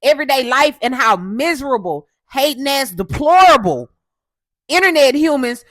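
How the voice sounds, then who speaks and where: Lady from houston ranting on her show, coarse voice, loud, bit high pitched, dry close mic. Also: big pitch swings, moderate pace, no room sound. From Houston, Texas. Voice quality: coarse, deep for a woman. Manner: loud, assertive, keeps asking "okay?". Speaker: host. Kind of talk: casual commentary monologue.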